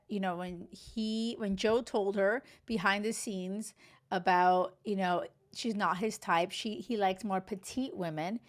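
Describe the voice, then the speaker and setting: A woman in her thirties hosting a dating advice podcast, giving frank, casual commentary full of "like" and "you know". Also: medium pitch. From Cuban heritage. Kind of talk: casual reality-show commentary.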